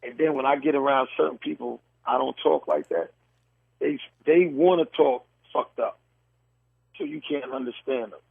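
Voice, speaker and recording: A man's voice: mid-range voice, normal speed, vocal fry, slightly rough, no echo, phone-quality sound. A man from New York City with a New York accent, hosting a casual podcast chat and bluntly comparing how people talk. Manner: blunt storyteller, mimics dialects. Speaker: podcast host.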